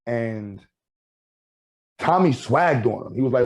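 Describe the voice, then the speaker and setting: A man's voice: medium pitch, measured pace. A man telling stories in a casual podcast chat, acting out what people said. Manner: storytelling, animated, acts out quotes.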